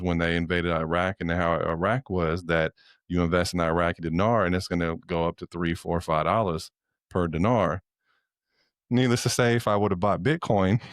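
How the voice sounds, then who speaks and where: A man with a deep, low-pitched voice tells a story in a relaxed podcast chat. He talks easily and chuckles now and then. The sound is dry and close to the mic. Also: dry recording. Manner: laid-back storytelling with chuckles. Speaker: podcast co-host. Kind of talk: casual chat.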